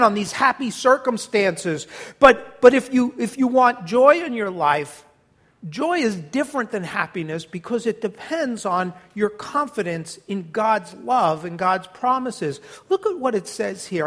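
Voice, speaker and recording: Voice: medium pitch, a bit bright. A pastor preaches a sermon in a church, emphatic and direct, stressing key words and calling on the congregation to respond.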